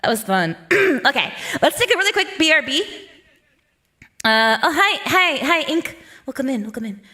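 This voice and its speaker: A woman's voice: high voice, big pitch swings, normal speed, sharp tone. A young woman streaming live, chatting casually and giggling with her chat between songs. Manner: bubbly, giggly, talks to chat. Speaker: VTuber streamer.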